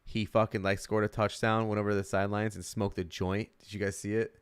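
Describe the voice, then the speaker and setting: A man with a low, smooth, resonant voice co-hosts a casual sports podcast. He talks loosely and swears freely, and the sound is dry and close. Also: level tone, quick pace, no echo. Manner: loose, profane, laughs often. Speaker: podcast co-host.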